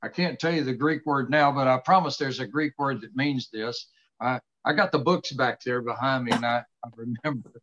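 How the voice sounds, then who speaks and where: A middle-aged man hosting a casual faith conversation, earnestly expounding scripture with slow, emphatic stresses from his home study. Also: medium pitch, a bit bright, slight background noise. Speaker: host. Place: home study with books behind him. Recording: dull lo-fi sound.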